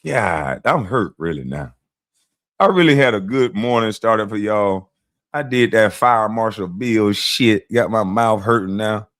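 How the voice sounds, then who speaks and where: A man's voice: fairly low pitch, measured pace, a bit bright, dry recording, studio quality. A man ranting casually on his vlog, mocking and profane, often laughing. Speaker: vlogger and commentator.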